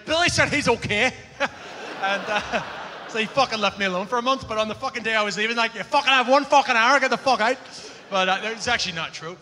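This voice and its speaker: A man's voice: fairly high pitch, noisy background. A man, a comedian, telling stories with lots of swearing at a live interview in front of an audience. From Ireland. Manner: swearing, storytelling, animated. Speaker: comedian guest. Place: large hall with live audience. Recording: echoey hall with audience.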